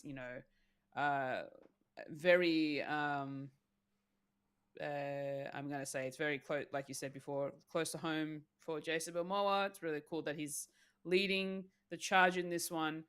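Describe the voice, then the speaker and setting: A woman's voice: low voice, fairly bright tone, smooth. A woman co-hosting a podcast, giving her take in a casual, thoughtful way with plenty of fillers. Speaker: podcast co-host.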